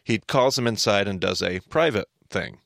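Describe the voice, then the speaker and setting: A man hosting a podcast, explaining Bible stories in a casual, animated teaching manner. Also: on the low side, moderate pace, creaky, no room sound, studio quality. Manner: animated, explanatory, repeats words when starting a thought.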